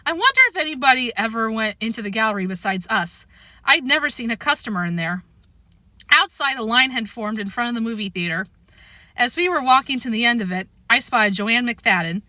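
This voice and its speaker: A woman reading a children's chapter book aloud, expressive and animated. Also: a little high, a little fast, dry recording. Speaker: reader. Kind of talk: storybook reading.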